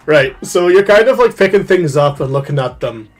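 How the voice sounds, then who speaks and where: A young man narrating as game master in a tabletop game, in a lively, chatty way. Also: a little high, normal speed.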